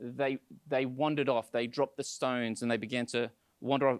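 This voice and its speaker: A man's voice: medium pitch, fairly even intonation, moderate pace, no room sound. A male pastor preaching a sermon, telling stories with acted-out quotes, often repeating words as he starts sentences.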